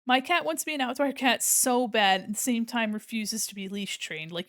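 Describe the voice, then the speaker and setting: A woman's voice: fairly high pitch, expressive, normal speed, fairly bright tone, dry recording, studio quality. A woman streamer chatting casually while she draws, giggly and gushing, breaking into laughter often. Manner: gushing and affectionate. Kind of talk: casual livestream chat while drawing.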